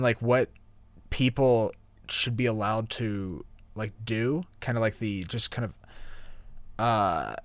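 Young male host, relaxed and hesitant delivery, dry, roomless sound. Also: mid-range voice, no echo. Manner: easygoing, hesitant, many fillers. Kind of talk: casual anime review chat.

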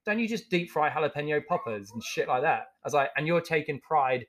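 A man's voice: on the high side, fairly quick, crowd noise. A man in his forties, a chef guest on a podcast, telling blunt, profane stories and acting out what people said. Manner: blunt, profane, animated storyteller acting out quotes. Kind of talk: casual storytelling chat.

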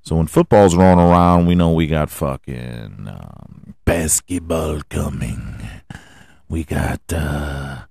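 A man hosting a sports podcast, running through the standings with crude jokes, sudden loud outbursts, sing-song bits and laughter at his own gags. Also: rumbling low, animated, slow, gravelly, dry recording, clean studio sound. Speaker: podcast host. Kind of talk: profane comedic sports rundown.

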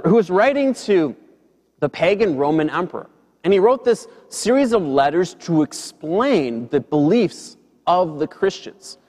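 High-voiced priest preaching in a hall. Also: male voice, a little mellow. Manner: emphatic, conversational preaching with light laughs. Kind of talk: sermon.

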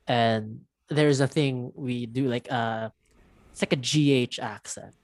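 A man co-hosting a casual podcast, talking in loose, rambling bursts full of fillers and restarts. His voice sits in an ordinary middle pitch. The sound is dry and close, with no room around it. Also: slow, vocal fry, no echo. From Philippines. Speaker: podcast co-host. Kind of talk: casual chat.

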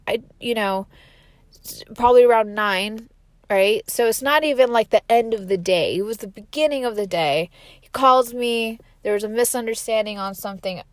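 A woman talks straight to the listener in a loose, rambling motivational monologue, peppering her thoughts with fillers and asides. Her voice sits at an ordinary middle pitch. The recording is close and dry. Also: no echo. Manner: candid and rambling, many fillers like "like" and "right?".

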